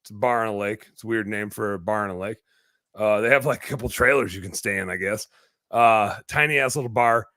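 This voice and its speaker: A young man telling a story on a podcast in a casual, animated way, swearing freely and acting out quotes. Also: on the low side, brisk, no room sound, studio quality. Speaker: podcast guest.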